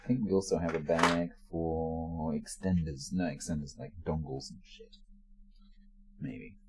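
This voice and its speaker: A man's voice: a bass voice, steady tone, unhurried, heavy background noise. A man chatting casually on a live stream at home while packing to move. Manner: rambling, chatty while sorting cables.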